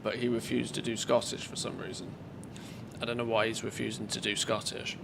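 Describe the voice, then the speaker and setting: A man's voice: on the low side, flat delivery, a little fast, creaky, background noise. A man streaming a game live, thinking aloud and chatting casually with his viewers. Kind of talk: casual live-stream commentary while playing.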